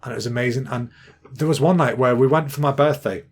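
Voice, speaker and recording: A man's voice: mid-range voice, quick pace. A man in his thirties with an English accent, telling rambling, jokey stories as a podcast host. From England. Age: 30s. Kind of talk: casual storytelling monologue.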